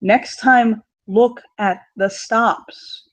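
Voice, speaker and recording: A woman's voice: fairly high pitch, steady tone, very slow, no room sound. A woman doing a terse, weary dad. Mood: stern. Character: stern but loving father.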